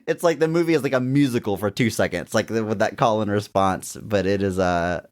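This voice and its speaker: A man's voice: lowish voice, brisk. A man hosting a podcast, enthusiastically recounting scenes and acting out quotes. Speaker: podcast host. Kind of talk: casual podcast chat.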